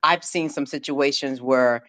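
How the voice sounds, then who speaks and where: A man in a podcast discussion, hesitant and thinking aloud, with many pauses and fillers. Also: mid-range voice, steady tone, bright, forceful tone. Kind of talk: opinionated discussion.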